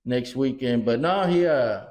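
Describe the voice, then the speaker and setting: Speaking at a measured pace with a medium pitch, a middle-aged man co-hosting a podcast shares family stories in casual talk. He's animated, swears often and acts out people's words, recorded with a roomy echo.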